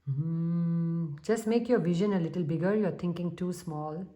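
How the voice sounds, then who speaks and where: A woman giving a spiritual tarot reading, calm and unhurried, pausing with soft hums. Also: on the low side. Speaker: tarot reader.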